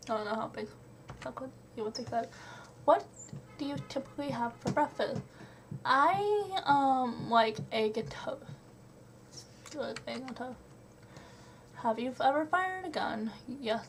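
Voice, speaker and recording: A young woman reads out tag questions and answers them in a slow, unhurried way, stopping often for ums and small giggles. Her voice sits a touch high. Faint hiss hangs behind the home recording. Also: gravelly. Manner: hesitant, many ums, giggly. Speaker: vlogger.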